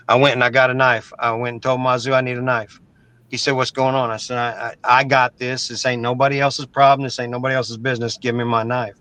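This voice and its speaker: A man's voice: medium pitch, flat delivery, fast, bright, forceful tone, no room sound, low-quality recording. Blunt, profane middle-aged man. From Oklahoma. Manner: blunt and profane, stumbling repeats. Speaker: interview guest. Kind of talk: casual storytelling.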